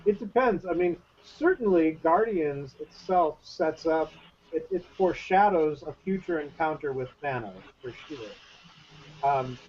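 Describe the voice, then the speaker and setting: A man's voice: on the high side, animated, measured pace, a little mellow, husky. A man co-hosting a casual podcast chat, thinking aloud and hedging his points. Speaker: podcast co-host. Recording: dull lo-fi audio with faint ambience.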